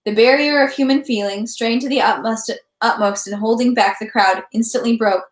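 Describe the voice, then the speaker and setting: A woman reading a classic novel aloud at home, with steady narration and small self-corrections. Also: a little high, moderate pace. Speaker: reader. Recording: roomy echo.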